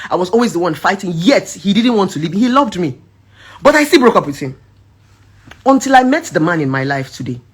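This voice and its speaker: A woman with a medium-pitched, slightly rough voice speaks to her followers as a social media advice speaker. Her casual personal testimony about past relationships is animated and emphatic, swinging between shouting and soft quoted voices.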